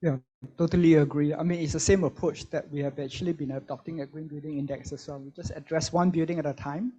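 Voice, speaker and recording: A man moderating a panel question session, giving brisk short cues and remarks. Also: a little high, fairly even intonation, dark tone.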